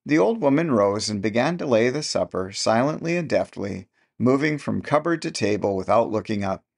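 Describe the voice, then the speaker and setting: A man narrating a classic short story in a measured storytelling delivery. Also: fairly low pitch, expressive, vocal fry. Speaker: audiobook narrator. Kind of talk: scripted narration.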